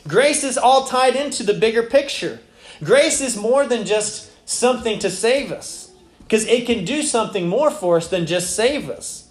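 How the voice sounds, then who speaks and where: A man's voice: very high voice, lively intonation, moderate pace, echoey room. A man preaching a sermon as pastor, talking in a loose, conversational way and turning to ask the congregation questions.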